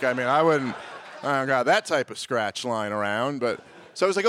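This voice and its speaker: A man doing stand-up, telling a story in an animated way and pushing his voice high and loud when he acts out his own exasperation. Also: fast. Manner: animated, climbs to near-shouting exasperation when acting out arguments. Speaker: stand-up comedian.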